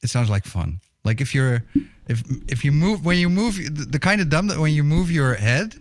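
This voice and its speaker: A man's voice: a little high, sing-song, moderate pace. A man co-hosting a podcast in casual chat, joking and teasing his co-host.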